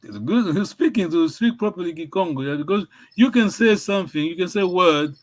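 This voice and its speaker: A man teaching a language class in a high voice, often praising his students. He talks haltingly, repeating and restarting his phrases as he explains. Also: expressive.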